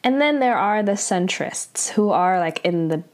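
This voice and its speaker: A woman's voice: medium pitch, expressive, unhurried, darkish tone. Chatty woman recapping a drama. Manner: chatty, peppered with "like", acts out characters' lines. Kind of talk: casual spoken recap.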